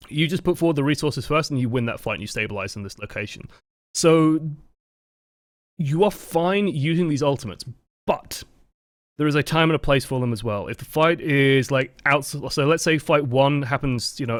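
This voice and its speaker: A man's voice: medium pitch, no room sound, studio quality. Man coaching over gameplay footage. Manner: explanatory, asks rhetorical questions and answers them. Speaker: game coach reviewing footage.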